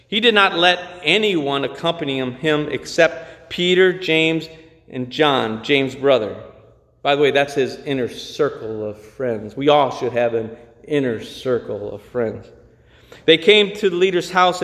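Male pastor, sermon delivery, deliberate pace with dramatic pauses, church reverb. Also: on the high side. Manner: slow, emphatic preaching with dramatic pauses.

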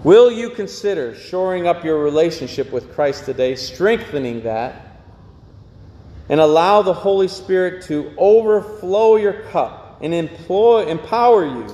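A man's voice: a little high, big pitch swings, unhurried, mellow, highs cut off. Earnest preaching man in echoey church. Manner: earnest preaching with repeated phrases. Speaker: pastor. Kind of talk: sermon.

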